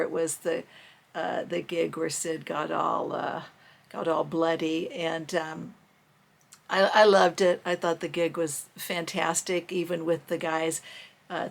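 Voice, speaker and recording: A woman in her sixties giving a casual spoken music review, halting with many ums and restarts and frequent chuckles. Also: fairly low pitch, creaky. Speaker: music vlogger.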